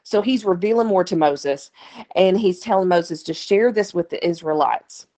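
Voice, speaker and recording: A woman's voice: lowish voice, darkish tone. A woman teaching a Bible study, reading scripture aloud and explaining it in a plain, conversational way with asides to her listeners.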